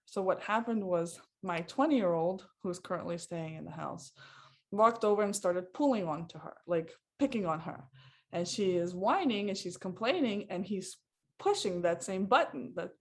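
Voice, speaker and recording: A woman in her forties on a casual podcast, telling a family story in a halting way with many fillers. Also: mid-range voice, lively intonation.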